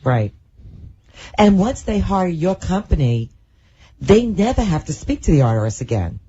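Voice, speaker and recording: A woman's voice: on the low side, very animated, moderate pace, mellow, lo-fi sound, a little hiss or hum. A woman co-hosting a radio talk show, agreeing with the guest and reading out details. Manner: agreeable, affirming.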